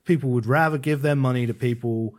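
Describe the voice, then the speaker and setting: A man's voice: mid-range voice, a little fast, a little mellow. A man, hosting a casual chat and encouraging his guest. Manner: encouraging, chatty.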